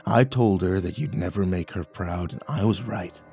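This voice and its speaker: A man doing a hoarse, drunk, sneering father. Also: low voice, normal speed, mellow. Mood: contemptuous. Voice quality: hoarse, slurring growl. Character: drunk, hostile middle-aged father with a hoarse, slurring growl. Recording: faint music underneath.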